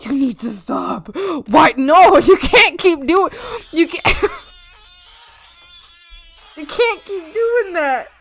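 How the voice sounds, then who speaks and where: A young woman hosting a live stream, chatting casually and thanking her viewers. Her voice sits high and swings widely as she giggles and playfully scolds her chat. She talks at an easy, unhurried pace. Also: expressive, fairly bright tone. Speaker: art streamer.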